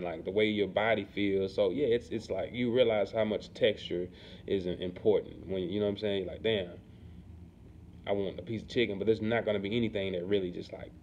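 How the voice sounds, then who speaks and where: A man chatting casually to camera in a relaxed, rambling way, often asking "you know what I'm saying". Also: low voice, a little fast. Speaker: vlogger. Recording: dull lo-fi sound with faint background noise.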